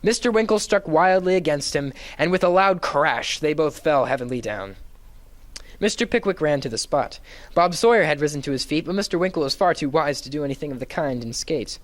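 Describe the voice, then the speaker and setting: A man giving a dramatic reading of a classic novel in an expressive, theatrical narrating manner. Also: fairly high pitch, a little fast. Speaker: reader.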